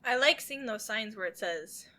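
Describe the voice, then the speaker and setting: A young woman with a fairly high, bright, sharp voice co-hosts a podcast. She joins in with quick jokes and short exclamations in casual chat, and laughs easily. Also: animated. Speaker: podcast co-host.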